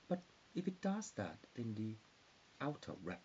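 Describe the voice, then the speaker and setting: A man's voice: medium pitch, big pitch swings, moderate pace, a little mellow. A man in his forties rambling in a disjointed stream of consciousness, often dropping into whispers. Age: 40s. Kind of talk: rambling monologue. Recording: dull hissy lo-fi recording.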